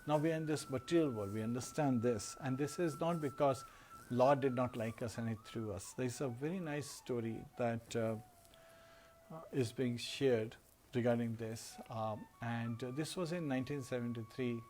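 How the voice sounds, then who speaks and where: A man giving a devotional discourse, telling a story in a relaxed way with frequent "uh" and "you know" fillers. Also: medium pitch, normal speed, slight background noise. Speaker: devotional speaker. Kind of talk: storytelling sermon.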